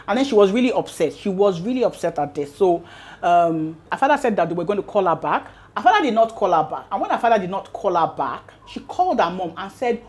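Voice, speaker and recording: A woman's voice: medium pitch, very animated, quick pace, a little mellow. A woman hosting a storytelling show, narrating a family drama in a casual, conversational way. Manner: conversational, acts out quotes. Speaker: storyteller host.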